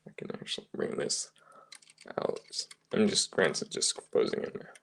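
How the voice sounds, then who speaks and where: A man casually reviewing a toy, talking softly with mumbled, half-whispered asides. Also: normal speed.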